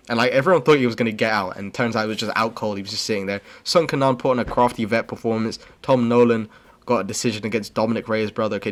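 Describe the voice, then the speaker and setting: A man's voice: medium pitch, fairly bright tone. Rambling young man tossing out "bro". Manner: rambling, slangy, says "bro" and "okay" constantly; blunt and opinionated. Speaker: MMA commentary channel host. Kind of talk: casual recap commentary.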